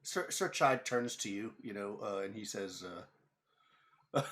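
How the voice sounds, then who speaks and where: A man narrating as game master of a tabletop game, talking in halting bursts with many fillers. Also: on the low side, a bit bright.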